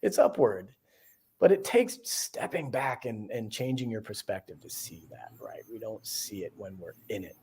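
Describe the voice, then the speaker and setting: A man's voice: lowish voice, expressive, normal speed, darkish tone, slight background noise. A man co-hosting a podcast in casual chat, rambling and reflective, laughing often. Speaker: podcast co-host.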